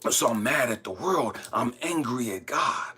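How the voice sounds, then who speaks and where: A middle-aged man hosting a spiritual channel, giving a raw, profane monologue that swings between shouting and hushed tones. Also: mid-range voice, animated, unhurried, slightly rough. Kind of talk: impassioned spoken monologue.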